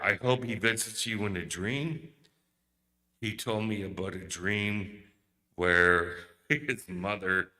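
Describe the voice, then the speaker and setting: A man giving a hesitant, emotional memorial speech, pausing often and searching for words. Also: deep voice, sharp tone. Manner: hesitant, emotional, many pauses and fillers. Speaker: eulogy speaker. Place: memorial service hall. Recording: long hall reverb.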